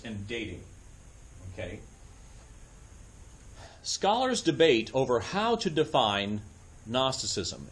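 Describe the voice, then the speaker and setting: A man's voice: medium pitch, slight background noise. A man giving a church lecture, explaining step by step with frequent ums and uhs and checking that listeners follow. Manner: explanatory, many ums and uhs, asks if it makes sense. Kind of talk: church adult education lecture. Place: church classroom.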